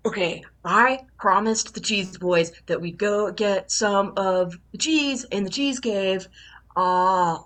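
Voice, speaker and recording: A woman's voice: medium pitch, slow, a bit bright. A woman player in a tabletop game, speaking in character in a laid-back, slangy way. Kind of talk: in-character role-play.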